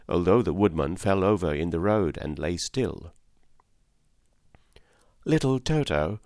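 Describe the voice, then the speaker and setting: A man narrating a storybook aloud in an expressive manner. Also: low-pitched, no room sound, studio quality. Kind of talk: audiobook reading.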